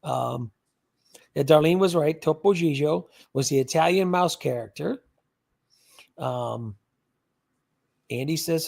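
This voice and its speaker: An older man hosts a casual livestream, reading viewer comments and rambling with repeated words. His voice sits high for a man and has a gravelly edge. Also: expressive, a little slow. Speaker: livestream host.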